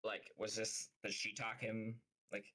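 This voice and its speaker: A man's voice: fairly low pitch, little pitch movement, a little slow, sharp tone, low-quality recording. A man streaming live, telling a story as a heated, profane rant full of fillers. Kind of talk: casual livestream rant.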